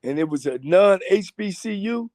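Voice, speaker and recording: Male coach on a video call, dry close sound, slightly high, laid-back short answers. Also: expressive, unhurried, darkish tone, no echo. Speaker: football coach, guest. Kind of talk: casual sports chat.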